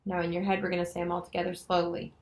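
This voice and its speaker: A woman demonstrating a nonverbal reading lesson, slowly and patiently sounding out letters and words. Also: lowish voice, monotone, low-quality recording. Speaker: special education student teacher.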